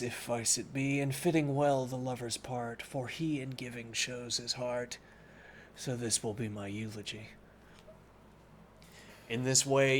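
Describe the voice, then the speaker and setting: A man reading a classic novel aloud as a bedtime story on a live stream, pausing now and then for unhurried, musing asides to his viewers. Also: medium pitch, slight background noise.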